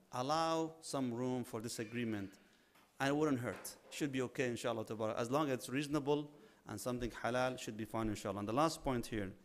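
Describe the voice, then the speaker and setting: A man preaching a sermon, animated, acting out little dialogues and mixing in Arabic religious phrases. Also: medium pitch. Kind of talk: sermon on marriage.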